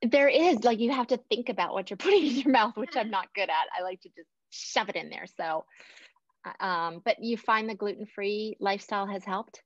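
Laughing often, this woman hosts a casual podcast interview in an upbeat, chatty way, her medium-pitched voice brisk. There's no echo, though the sound is dull and lo-fi.

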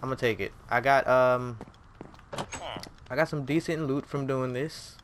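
Game music plays behind this gaming video creator, whose medium-pitched voice stays steady at a moderate pace with a little hiss or hum. He comments casually on his own gameplay, jumpy and exclaiming, addressing the game directly.

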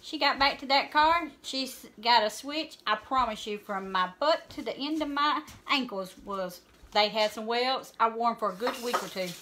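Bright-voiced woman telling stories. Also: fairly high pitch, animated, moderate pace. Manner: folksy, emphatic storyteller. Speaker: guest, cousin. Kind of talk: casual storytelling chat.

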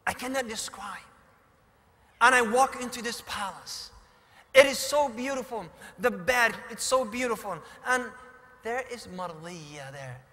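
A man's voice: very high-pitched, animated, a little slow, bright, forceful tone. A man preaching a sermon, retelling a story dramatically and mixing in Arabic phrases. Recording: echoey hall.

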